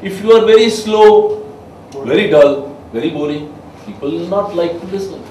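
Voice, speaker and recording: A man giving a soft skills lecture to a class, emphatic and quizzing his listeners. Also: sits high, moderate pace, slight background noise. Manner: emphatic, asks the class questions. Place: training room with a class. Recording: echoey room, mic far off.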